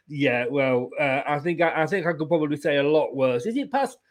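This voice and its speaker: A man's voice: on the high side, expressive, brisk. A man hosting a fan post-match review, blunt and frustrated, swearing about his team's loss. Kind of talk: casual chat.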